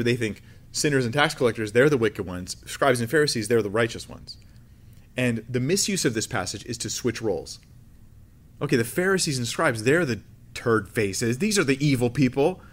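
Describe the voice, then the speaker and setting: Joking, conversational male Bible teacher. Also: medium pitch. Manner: conversational, joking, frequent restarts. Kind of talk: casual teaching talk.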